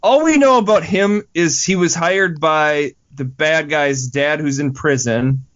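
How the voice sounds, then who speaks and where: A man's voice: a little high, measured pace, a bit bright, dull audio. A man hosting a podcast, asking questions and steering the discussion in a casual chat. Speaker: podcast host.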